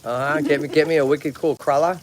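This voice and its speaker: Here the tortoise rescue host, a man from Lowell, Massachusetts, speaks briskly in a fairly high pitch with a Massachusetts accent. Broadcasting live outdoors at a tortoise pond, he's energetic and chatty, and he keeps checking in with "okay?" and "right?"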